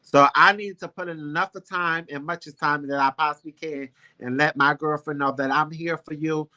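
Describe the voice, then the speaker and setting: Man with a bright, tense voice. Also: a little high, fairly even intonation, moderate pace. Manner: heartfelt, emphatic, rambling. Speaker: show host. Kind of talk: casual chat, personal storytelling.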